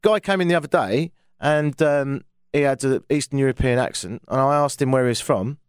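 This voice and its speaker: A man's voice: medium pitch, normal speed, smooth, no echo, studio quality. A middle-aged man from England with a London accent, hosting a call-in radio show in a chatty, jokey, self-mocking way. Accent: London English. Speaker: radio phone-in host. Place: radio studio.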